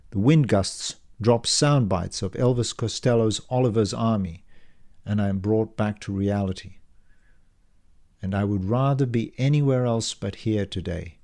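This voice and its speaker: An author reads his own novel aloud, narrating in the first person. His voice sits on the low side for a man, and he tells the story in a measured, descriptive way at an even reading pace.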